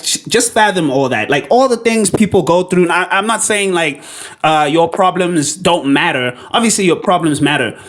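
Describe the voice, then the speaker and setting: A man's voice: a little high, fairly bright tone. A man hosting a reaction video, talking in a blunt, incredulous way, often repeating himself. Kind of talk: casual commentary.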